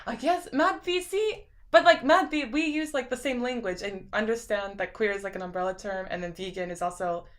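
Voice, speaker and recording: A young woman with a lisp, chatting casually on a live stream and reading viewer comments out loud, rambling with lots of fillers. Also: medium pitch, brisk. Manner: rambling, filler-heavy, laughs often.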